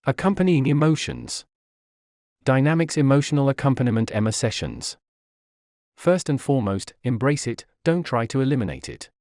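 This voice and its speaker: A man calmly reading an audiobook chapter, going slowly through long lists of single words. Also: medium pitch, no echo, studio quality. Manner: slow, measured reading of long word lists. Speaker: audiobook narrator. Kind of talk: scripted narration.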